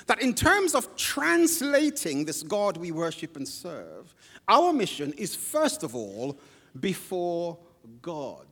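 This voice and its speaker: A man preaching a sermon as a pastor, telling stories with lively acted-out quotes. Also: high voice, slow pace, slightly rough, long reverb tail. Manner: animated storytelling with acted-out quotes. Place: church.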